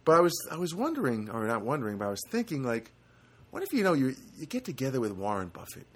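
Middle-aged man, solo podcast host, rambling, self-deprecating, lots of fillers, animated pitch. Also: fast talker, breathy edge.

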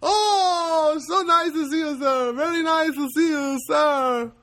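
A man's voice: very high-pitched, takes it slowly, voice pushed up, full character voice. A man doing a gushing store clerk. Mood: delighted. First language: Filipino language. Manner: gushing, overjoyed, loud. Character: excited high-voiced male supermarket worker.

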